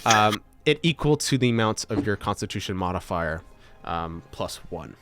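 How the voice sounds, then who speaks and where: A man's voice: fairly low pitch, animated, moderate pace. A man acting as game master, narrating in a loose, hesitant way with many fillers. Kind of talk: running a tabletop game.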